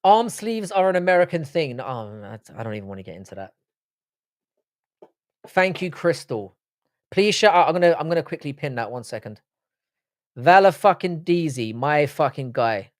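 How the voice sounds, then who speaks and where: A man's voice: on the high side, very animated, moderate pace, long pauses, no room sound, studio quality. Sweary man hosting a live stream. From Britain. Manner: joking, sweary banter with chat. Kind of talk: casual live-stream chat reading viewer comments.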